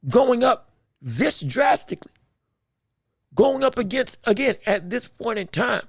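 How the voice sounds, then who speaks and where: A man hosts a live boxing podcast in an easy, joking way, tripping over his words and circling back to restart them. His voice is gravelly and a little husky, with a dry sound that stays close to the mic. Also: very high-pitched, a little slow, no echo. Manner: animated, stammering restarts, playful. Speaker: podcast host. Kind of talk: casual livestream commentary.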